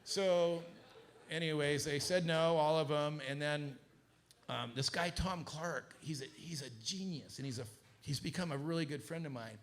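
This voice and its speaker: A middle-aged man from Southern California telling a business story to an audience, acting out the quoted voices with a rising pitch. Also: normal speed. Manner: animated, acts out quoted dialogue with rising pitch. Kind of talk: casual storytelling talk to an audience.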